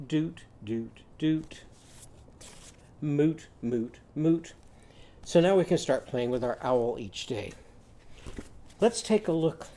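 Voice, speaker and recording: A man's voice: medium pitch, dark tone. A man teaching a children's phonics lesson, modelling sounds in a sing-song way for the class to repeat.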